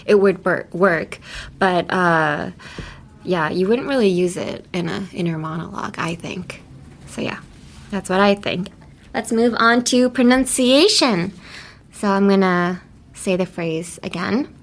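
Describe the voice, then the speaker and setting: A young adult woman hosting a casual English lesson podcast, chatty and laughing often as she slowly models phrases. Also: medium pitch. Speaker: English teacher host.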